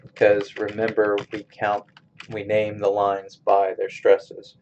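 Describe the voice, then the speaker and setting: A man teaching a college English class in a recorded screencast lecture, explaining step by step in a slow, methodical way. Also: lowish voice, completely flat delivery, darkish tone, highs cut off, a little hiss or hum.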